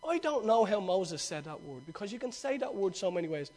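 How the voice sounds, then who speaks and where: A man pastor preaching an animated sermon, repeating himself and restarting, swelling at times to shouts. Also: sits high, brisk.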